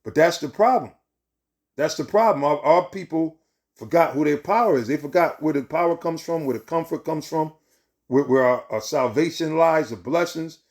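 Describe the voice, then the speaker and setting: A man's voice: on the high side, moderate pace, darkish tone. A man preaching informally from scripture in a heated, profane way, repeating himself and ending lines with "man" and "right?".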